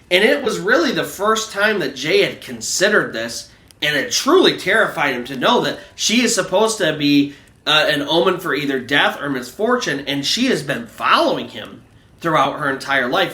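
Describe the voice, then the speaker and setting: High, bright-voiced man telling a ghost story. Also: sing-song, moderate pace, reverberant. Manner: loose and conversational, many "you know"s. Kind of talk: narrating a true ghost story.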